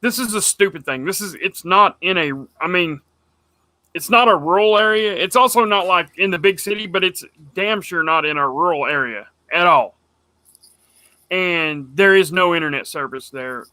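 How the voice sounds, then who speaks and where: A man co-hosting a casual podcast chat, rambling and animated as he tells stories. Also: sits high, moderate pace, no echo. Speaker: podcast co-host.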